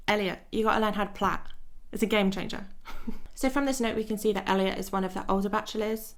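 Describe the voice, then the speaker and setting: A woman giving casual video-essay commentary in a playful, wry way, laughing between jokes. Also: mid-range voice. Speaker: YouTuber.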